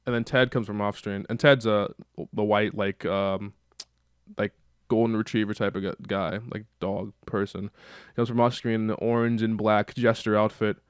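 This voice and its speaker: A man's voice: lowish voice, level tone, moderate pace, clear, resonant tone, no room sound, clean studio sound. A man casually talking through a cartoon script in a rambling way, full of fillers. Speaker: show creator reading a script.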